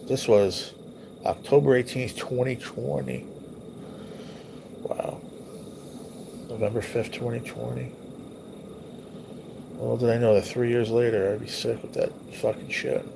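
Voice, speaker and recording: A man's voice: mid-range voice, fairly even intonation, a little slow, gravelly, pauses often, background noise. A man hosting a livestream, reminiscing casually over old photos in a loose, rambling, profane way. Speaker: livestream host.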